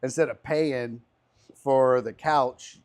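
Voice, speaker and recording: A man's voice: mid-range voice, fairly even intonation, takes it slowly, darkish tone, smooth. A young man hosting a podcast in a casual patio chat, laughing often and talking in a crude, conversational way. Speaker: podcast host. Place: outdoor patio.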